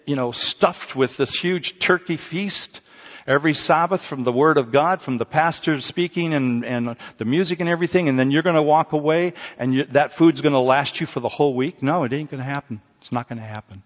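Middle-aged preacher with booming, hushing delivery. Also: male voice, fairly quick, in a large hall, dull audio. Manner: dramatic swings between loud exclamations and hushed near-whispers, joking asides. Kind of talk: sermon.

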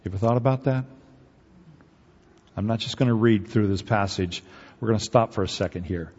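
A man's voice: on the low side, fairly quick, darkish tone, breathy edge. A man preaching a sermon as pastor, speaking emphatically and conversationally, with many rhetorical questions to the congregation. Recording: dull audio with long hall reverb.

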